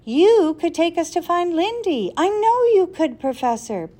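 A woman's voice: fairly high pitch, sing-song, unhurried, darkish tone, pitched above the performer's own voice. A woman voicing a bold, determined boy who argues insistently. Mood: urgent. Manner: insistent, pleading.

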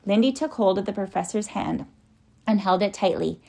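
A woman reading a children's story aloud in a lively way. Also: mid-range voice, normal speed, gravelly. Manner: lively, acts out the characters.

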